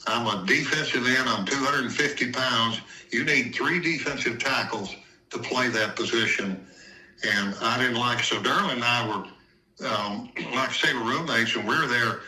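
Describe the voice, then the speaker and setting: A man's voice: mid-range voice, moderate pace, pushed and bright. An older man, a retired football player, telling folksy stories in an interview and retelling old talks as quoted dialogue. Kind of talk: anecdotal storytelling in conversation. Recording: roomy echo, distant from mic.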